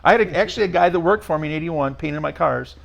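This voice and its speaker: A man in his sixties, a retired race car driver as a podcast guest, telling stories in a blunt, rough-spoken, rambling way. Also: a little high, fast talker, highs cut off. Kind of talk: casual storytelling interview.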